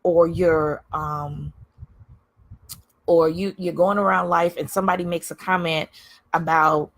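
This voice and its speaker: Woman livestream host, lowish husky voice, frank and emphatic, repeats lines for emphasis. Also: steady tone, measured pace. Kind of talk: candid livestream talk.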